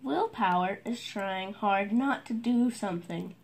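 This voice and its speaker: A woman's voice: medium pitch, measured pace, lightly acted. A woman reading the lines of a sensible frog from a children's storybook, in a firm, patient tone. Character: sensible male frog trying for willpower.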